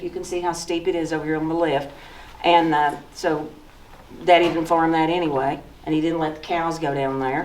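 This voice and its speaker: A woman in her sixties with a Southern accent talks in a low, unhurried voice, sharing folksy memories while pointing at photos. She is recorded from across an echoey museum room, with a faint hum of background noise. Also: a little mellow, far from the mic. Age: 60s. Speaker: author giving a talk. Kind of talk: slideshow talk with personal memories.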